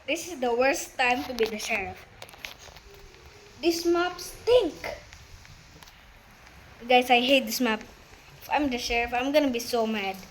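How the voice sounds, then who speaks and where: A woman giving casual, slangy commentary while playing an online game, excitable and quick to rant. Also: a little high, slight background noise. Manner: slangy, keeps saying bro.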